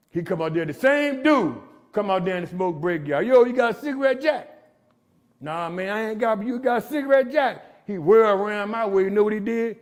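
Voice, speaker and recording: A middle-aged man speaking at a jail gathering, telling his recovery story in street slang and ending lines with "man.". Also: high-pitched. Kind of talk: motivational recovery talk.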